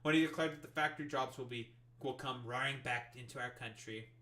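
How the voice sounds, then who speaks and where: Bright-voiced man ranting and swearing. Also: mid-range voice, brisk. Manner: exasperated, swears constantly, reads articles aloud then mocks them. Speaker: streamer reacting to news. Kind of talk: profane political rant.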